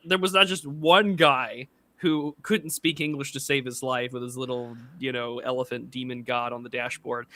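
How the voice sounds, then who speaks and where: A man's voice: a little high, pushed and bright, dry recording. A young man hosting a podcast, chatting casually in a sardonic, joking, rambling way. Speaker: podcast host. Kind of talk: casual chat.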